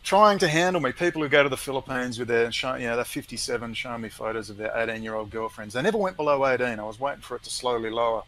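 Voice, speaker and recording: A man's voice: medium pitch, fast talker, few pauses, fairly bright tone, rough recording. A man ranting emphatically and scornfully in a heated conversation, with many restarts.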